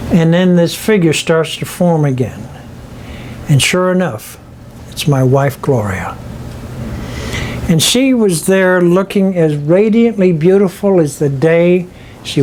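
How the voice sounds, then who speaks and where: An older man, a spiritual speaker, telling a personal story to an audience in a slow, heartfelt, deliberate way. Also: on the high side, a little mellow, slight background noise.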